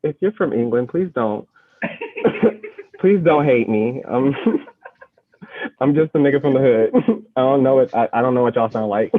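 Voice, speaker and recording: A man's voice: mid-range voice, expressive, a little slow, long pauses. A man hosting a poetry slam over a video call and reciting a poem, playful and full of slang, laughing often. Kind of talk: casual hosting and performance poetry. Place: home, remote video call. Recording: tinny lo-fi video-call audio.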